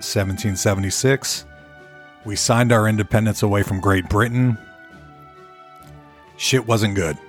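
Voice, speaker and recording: Low-ish guy rambling on his solo podcast, swears a lot, faint music under it. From United States. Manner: rambling, profane, repeats words. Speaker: podcast host.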